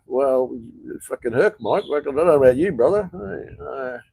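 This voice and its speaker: A middle-aged man talking on a casual livestream in a blunt, rambling way, swearing freely. His voice is mellow and relaxed, sitting at an ordinary middle pitch. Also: measured pace, vocal fry, breathy edge, low-quality recording. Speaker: livestream host. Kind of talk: casual live chat. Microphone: phone or webcam livestream.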